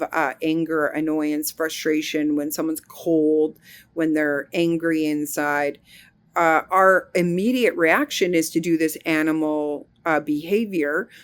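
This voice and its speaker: A middle-aged woman giving an earnest, unhurried spiritual monologue, often pausing to search for words. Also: lowish voice. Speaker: spiritual healing teacher.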